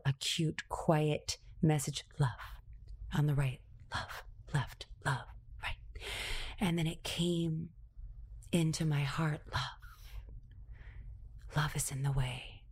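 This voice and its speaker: A woman telling a personal story in a confessional monologue, moving between hushed, near-whispered phrases and intense, emphatic bursts, with words repeated for rhythm. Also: sits low.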